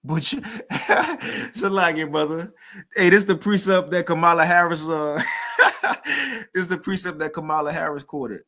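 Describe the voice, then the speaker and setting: A man gives a loose, conversational sermon full of slang. He reads scripture passages aloud and comments on them in a slightly high voice. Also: animated, measured pace, long pauses, bright, forceful tone. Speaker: preacher.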